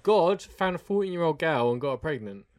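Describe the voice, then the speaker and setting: A young man co-hosting a podcast, making deadpan, sarcastic jokes. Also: a little high, a little fast, dry recording. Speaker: podcast co-host. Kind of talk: casual comedic chat.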